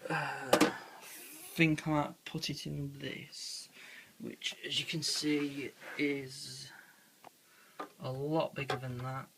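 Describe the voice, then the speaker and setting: A quiet, laid-back speaker, casually narrating a pet-feeding vlog into a handheld camera at home. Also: medium pitch, little pitch movement, takes it slowly, creaky, background noise. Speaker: hobby pet keeper filming feedings. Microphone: handheld camera mic.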